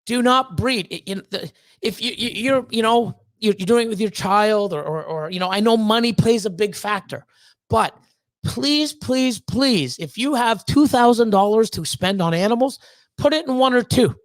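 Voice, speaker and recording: A reptile breeder who hosts his own channel speaks straight to the chat on a casual livestream, his mid-range voice lively in intonation and normal in speed. He is blunt and heated, swearing freely, stumbling through restarts, and pleading emphatically again and again.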